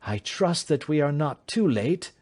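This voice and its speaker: A man's voice: a little high, a little slow, pitched above the performer's own voice. A man voicing a keen, commanding male detective in an audiobook reading. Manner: crisp, authoritative, animated.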